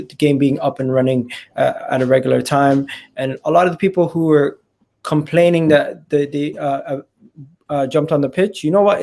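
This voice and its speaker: A man hosting a casual football fan chat, excitable and given to repeating and restarting his phrases. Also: a little high, gravelly. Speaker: fan channel host.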